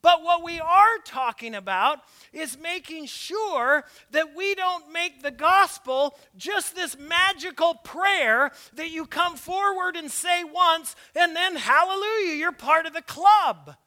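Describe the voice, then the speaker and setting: High-voiced, bright-toned preaching pastor. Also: male voice, lively intonation, takes it slowly, few pauses. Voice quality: slight lisp from dental aligners. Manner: emphatic preaching, rising to shouts on key points; breaks into laughter and asides. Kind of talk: sermon. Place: church sanctuary, also live-streamed.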